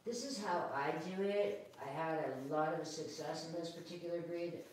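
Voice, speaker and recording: A woman dog groomer giving a chatty, calm live grooming demonstration, talking now and then to the dog. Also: sits low, normal speed, far from the mic, slight background noise. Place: grooming room, indoors. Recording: echoey room, away from the mic.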